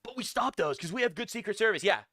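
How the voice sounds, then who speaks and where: Male streamer, high and very bright voice, crude sarcastic news rants. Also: lively intonation, fast. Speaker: live-stream news commentator. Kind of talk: ranting news reaction stream.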